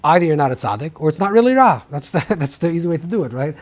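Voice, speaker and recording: A man's voice: a little high, very animated, very fast. A man teaching a rabbinical class in an informal lecture style, thinking aloud with many restarts and mixing Hebrew terms into English.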